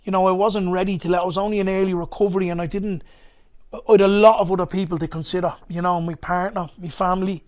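High-voiced Dublin man spinning a yarn. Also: level tone, fast talker, a little mellow. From Ballymun, Dublin, Ireland. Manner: rambling, loose, with many asides. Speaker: podcast guest, comedian. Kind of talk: conversational storytelling.

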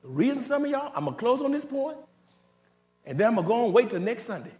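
A man preaches a fiery sermon, his high voice leaping up into shouts and then sinking into slow, heavy warnings. He talks straight at the congregation in a folksy way. The sound rings around a roomy church sanctuary. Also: big pitch swings, faint music behind. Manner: preaching with sudden shouted climbs and drops to low, slow warnings; folksy, direct address to the congregation. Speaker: pastor.

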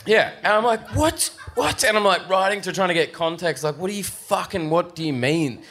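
A man's voice: on the high side, a little fast, fairly bright tone. A man telling a story in a casual, profane way, putting on raised voices for the people he quotes. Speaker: guest surfer.

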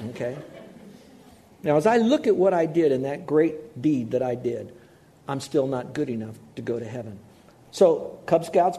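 An older man preaching a sermon, telling personal stories and acting out the people in them. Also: fairly high pitch. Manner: storytelling, animated with acted-out quotes. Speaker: pastor.

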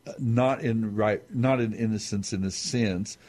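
A man explaining scripture on a talk show in a halting, measured way with many restarts. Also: on the low side, fairly even intonation, a little mellow. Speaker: Bible teacher on a talk show. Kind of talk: unscripted Bible discussion.

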